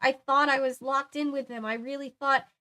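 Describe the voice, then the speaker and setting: An audiobook-style read of a scared young girl, her lines coming breathless, shrill and pleading. A woman reads her, lifting her pitch a little above her own voice. Each line carries the same out-of-breath urgency. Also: steady tone, normal speed, sharp tone. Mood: panicked pleading. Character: frantic twelve-year-old girl, monster-story teller.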